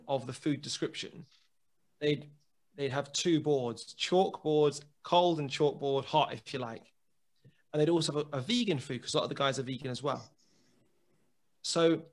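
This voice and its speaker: Man, guest, animated storyteller, slightly high voice, restarts a lot. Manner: lively storyteller, many restarts and quoted dialogue. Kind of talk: anecdote telling in casual chat.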